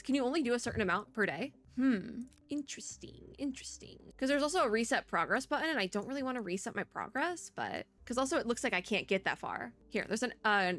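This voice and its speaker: A woman's voice: medium pitch, pushed and bright. A woman content creator giving casual, chatty gameplay commentary, thinking aloud and giggling between remarks.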